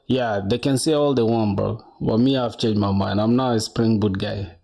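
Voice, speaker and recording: A young man talks loosely to his livestream audience while he sets up to code. His voice is warm and dark rather than bright. He rambles, answers chat and drops a lot of "bro". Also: on the low side, normal speed, creaky, few pauses. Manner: chatty, rambling, says bro a lot, reads chat aloud. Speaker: coding livestreamer.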